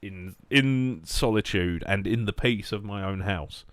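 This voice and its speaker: Low-voiced man rambling on stream. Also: measured pace, no echo. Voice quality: low monotone voice. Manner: rambling, jokey, reacting to chat. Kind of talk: casual gameplay stream chat.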